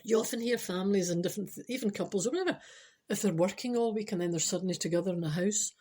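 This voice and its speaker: A Scottish woman hosting a podcast, telling a comic story with spiritual advice in a chatty, animated way full of teasing asides. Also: medium pitch, fast, husky.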